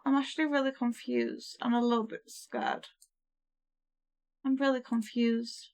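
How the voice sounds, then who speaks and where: A woman's voice: on the high side, flat delivery, measured pace. A young adult woman streaming a game, chatting casually and thinking aloud in a flustered, giggly way. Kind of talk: casual live-stream gameplay chat.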